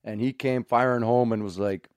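A man's voice: medium pitch, fairly even intonation, moderate pace, a little mellow, smooth, no room sound. A man from Canada, a former hockey player, telling stories in casual chat, laughing often and swearing freely.

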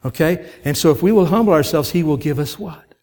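A man's voice: on the high side, a little mellow. Conversational, emphatic male pastor preaching. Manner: conversational preaching with rhetorical questions to the congregation; grows emphatic and quickens when stirred. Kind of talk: sermon.

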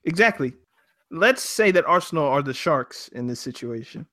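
Man, fairly high voice, emphatic, casual football podcast talk. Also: moderate pace. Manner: animated, emphatic arguing. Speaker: podcast co-host. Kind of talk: casual sports chat.

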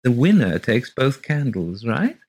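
A man reading aloud, voicing a sinister middle-aged male lodger in a slow, measured, ominous way. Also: medium pitch, very animated, darkish tone, slightly rough, no room sound, pitched above the performer's own voice, exaggerated voice, rough recording.

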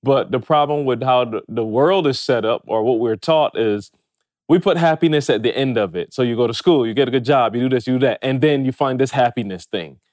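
A man co-hosting a podcast, quickly explaining ideas from a book in casual chat. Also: medium pitch, a little mellow, dry recording, clean studio sound. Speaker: podcast co-host.

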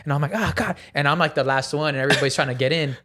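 A man's voice: a little high, flat delivery, very fast, sharp tone. A man in a casual chat, telling a wild story with gasps, acted-out quotes and plenty of swearing.

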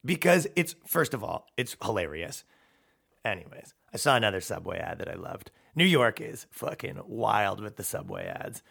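A man's voice: on the low side, wildly swooping pitch, moderate pace, gravelly, a bit bright, husky. A man hosting a comedy podcast, riffing in a rambling, profane, sarcastic way. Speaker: podcast host.

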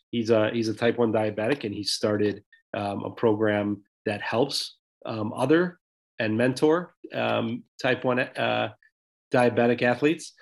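Male podcast co-host, mid-pitched, chatty and loose, lots of filler words. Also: gravelly. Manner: conversational, many fillers and restarts. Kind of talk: casual sports podcast chat.

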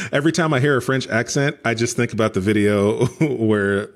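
A man's voice: mid-range voice, moderate pace. A man co-hosting a podcast interview, speaking in an easygoing way and laughing readily. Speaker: podcast co-host.

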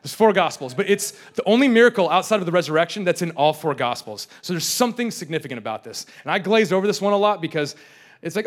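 A man's voice: high voice, animated, fast talker. Stammering, casual young male preacher. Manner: casual, repeats and restarts words often, joking asides. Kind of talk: conversational sermon.

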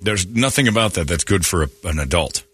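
A man's voice: sits low, animated, a bit bright, slightly rough. A man co-hosting a morning radio show, joking and riffing in casual banter. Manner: joking, riffing, quick asides.

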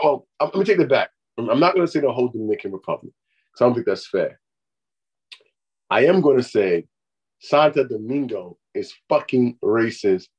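A man co-hosting a podcast in casual chat, telling stories in a profane, animated way. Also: medium pitch, breathy edge, muffled recording. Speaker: podcast co-host.

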